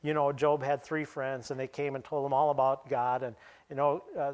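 A pastor delivering a sermon in a somewhat high-pitched male voice. He is lively and wry, and he chuckles between points as he explains scripture to his congregation. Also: normal speed. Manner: animated, chuckling, wry asides.

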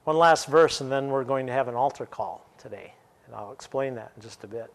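A man pastor preaching a sermon in a conversational way, laughing now and then and slowing down to stress key words. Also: medium pitch.

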